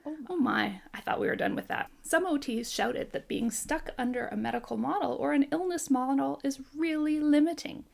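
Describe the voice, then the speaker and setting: Canadian woman, gravelly and fairly high, earnest and encouraging, measured scripted delivery. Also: a little mellow. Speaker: occupational therapist and coach. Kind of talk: scripted talk to camera.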